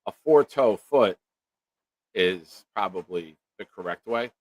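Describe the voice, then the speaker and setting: A man's voice: on the low side, expressive, takes it slowly, no room sound. A man hosting a casual live-stream chat, joking around and reading viewer comments aloud. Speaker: show host.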